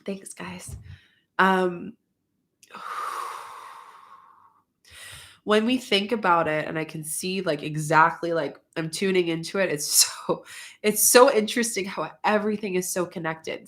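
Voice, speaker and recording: A young woman sharing a channeled spiritual message in a casual, earnest way, then leading a soft guided meditation. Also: on the low side. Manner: earnest, conversational, with slow soft guided breathing cues. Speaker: spiritual guide and card reader.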